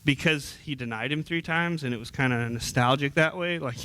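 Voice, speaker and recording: A man's voice: on the high side, normal speed, few pauses, bright, forceful tone, smooth. A young man preaching as a youth minister in church, earnest and conversational, often repeating words and restarting sentences. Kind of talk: sermon.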